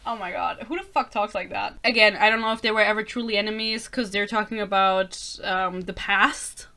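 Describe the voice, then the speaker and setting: A woman's voice: mid-range voice, steady tone, normal speed, bright, forceful tone. A young woman reviewing a book in a casual rant, sarcastic and exasperated, swearing often and breaking into laughter; English is not her first language.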